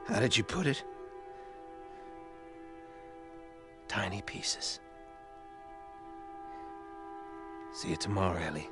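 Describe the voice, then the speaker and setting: An actor playing a soft-spoken, menacing middle-aged man who leads a group, his quiet voice breaking a little, in a video game. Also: low-pitched, very animated, a little fast, over music. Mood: menacing calm. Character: calm menacing middle-aged male cult leader.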